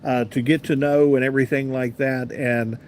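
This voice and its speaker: Man, 50s, talk host, casual anecdotal storyteller, middle pitch, faint background hiss. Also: level tone, moderate pace, a little mellow. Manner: chatty, rambling anecdotal delivery with asides to viewers. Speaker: radio talk show host. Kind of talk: casual live-stream storytelling, reading chat comments.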